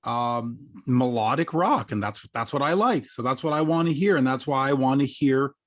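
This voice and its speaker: A male host chats over a video call in an ordinary mid-range voice. He is enthusiastic, halting, and often restarts his sentences. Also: mid-range voice, expressive. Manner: enthusiastic, halting, repeats words. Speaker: interview host. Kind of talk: casual interview chat.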